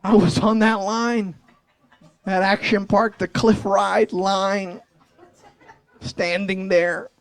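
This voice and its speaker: A man in his forties performing a high-energy stand-up set, telling a story animatedly on a comedy club stage. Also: level tone, takes it slowly, pauses often, clean tone.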